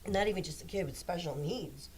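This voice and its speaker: A woman's voice: on the low side, brisk, a little mellow, breathy edge. Blunt woman on a live stream. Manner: blunt, swears, teases back. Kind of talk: casual chat.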